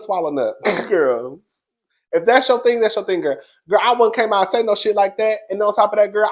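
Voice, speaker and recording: A man hosting a reality TV recap, talking in a brash, sassy, profane way and laughing often as he gossips. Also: high voice. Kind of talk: casual gossip commentary.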